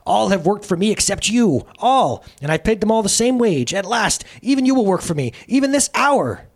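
A man's voice: big pitch swings, moderate pace, full character voice. A man putting on a shrieking spirit of sin. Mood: shrill gloating. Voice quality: shrill, screeching. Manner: hysterical, swooning with delight. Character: shrieking gleeful evil spirit of sin, male. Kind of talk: dramatic reading of a book aloud.

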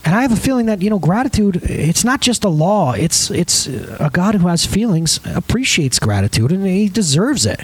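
A man's voice: high-pitched, sing-song, moderate pace, few pauses, husky, low-quality recording. A male pastor preaching a conversational sermon, emphatic, often asking the congregation questions.

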